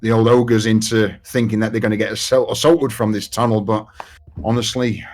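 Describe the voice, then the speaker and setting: A man's voice: fairly low pitch, steady tone, fairly quick, a little mellow. A man playing a tabletop role-playing game, rambling and swearing as he plans with the group. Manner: rambling, swears often, lots of fillers. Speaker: player. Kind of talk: casual tabletop play chat.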